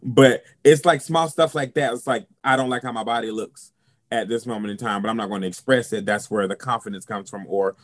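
A man from South Carolina with a Southern US accent, a drag performer telling stories in an interview with sass and flair. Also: fairly low pitch. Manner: sassy, expressive, sprinkles in "honey" and "girl". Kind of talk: candid storytelling interview.

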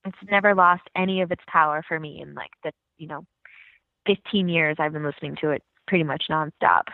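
A woman's voice: sits low, fairly quick, creaky, dry recording. Chatty woman on a thin dry line. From California. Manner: enthusiastic, chatty, many fillers and laughs. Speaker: podcast co-host. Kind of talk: casual chat about music. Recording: thin phone-like dry sound.

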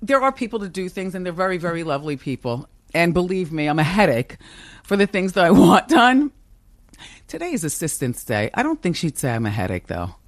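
A woman in her fifties with a strong, commanding voice pitched a little low talks candidly in an interview. She is animated and emphatic and laughs often. The sound is close and dry, recorded in an office. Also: a little fast, no echo. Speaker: talk show host as podcast guest. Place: office with a kitchen upstairs.

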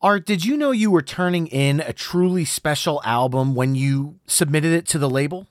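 A man's voice: on the high side, moderate pace, no room sound, clean studio sound. Male podcast host reading intros. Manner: scripted, reads introductions and questions. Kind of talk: interview podcast.

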